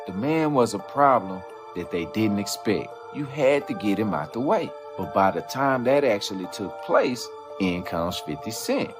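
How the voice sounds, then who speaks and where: A man with a low voice tells the story in a lively, rising-and-falling way. Music plays clearly behind him. He keeps the listener hooked with rhetorical questions. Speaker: commentary narrator. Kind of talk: scripted narration over music. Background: background music.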